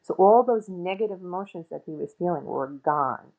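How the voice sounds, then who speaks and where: A woman's voice: lowish voice, moderate pace, lo-fi sound. A middle-aged woman, an author and paranormal investigator, tells emotional personal stories as a podcast guest, acting out the voices of the people in them. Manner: animated, acts out the voices of people in her stories.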